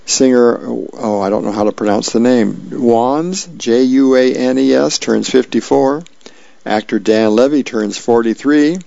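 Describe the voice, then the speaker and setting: A man's voice: medium pitch, vocal fry, a little mellow, no echo. A man volunteering as a radio reader, reading the newspaper aloud plainly with small slips, in a dull lo-fi radio recording.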